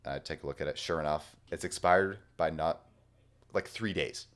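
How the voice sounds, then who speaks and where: Young male podcast co-host, low voice, lively storyteller who acts out the lines. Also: moderate pace. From Washington state, US. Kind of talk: casual storytelling.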